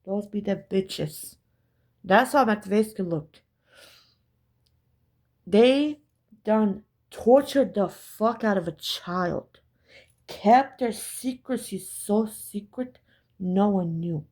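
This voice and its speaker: A woman's voice: medium pitch, slow pace, long pauses, darkish tone. A woman telling a story in a casual vlog, profane, emphatic and repetitive.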